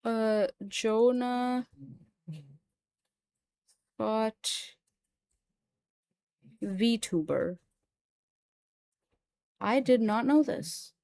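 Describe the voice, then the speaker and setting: A woman streamer and voice actor chatting live on stream, excitable and repetitive, swearing freely. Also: fairly high pitch, very slow, pauses often, dry recording. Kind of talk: casual livestream chat.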